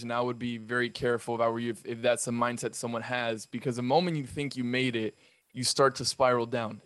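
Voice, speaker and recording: A man's voice: mid-range voice, fairly bright tone. Man giving earnest mindset advice. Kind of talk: casual podcast chat.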